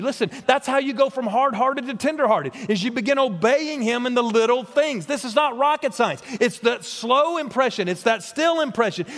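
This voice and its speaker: A man's voice: extremely high pitch, fairly bright tone. A man preaching a sermon as a pastor, earnest and repetitive, often restarting his words. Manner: earnest preaching with frequent word repeats and restarts. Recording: long reverb of a large hall.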